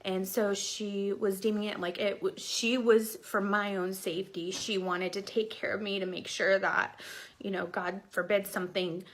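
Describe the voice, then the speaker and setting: A woman's voice: mid-range voice, level tone, normal speed. A young adult woman telling her own life story in a casual, rambling way, full of "like" fillers and restarts.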